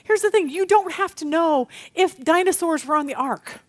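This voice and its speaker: High-pitched lady leading bible study, chatty, animated, pokes fun at herself. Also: normal speed. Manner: animated, chatty, self-deprecating storytelling. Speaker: women's Bible study teacher.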